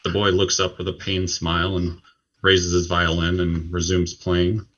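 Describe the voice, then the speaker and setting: A man acting as game master, telling the scene in a measured way with occasional "uh" fillers. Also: sits low, completely flat delivery, a bit bright, muffled recording. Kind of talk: narrating a tabletop game.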